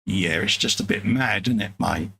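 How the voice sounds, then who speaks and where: A man's voice: fairly low pitch, normal speed, gravelly, bright, forceful tone, husky. A man co-hosting a live stream, chatting casually while painting models, teasing his friend and reading out chat messages. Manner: laid-back, teasing, reads chat messages aloud. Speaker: co-host.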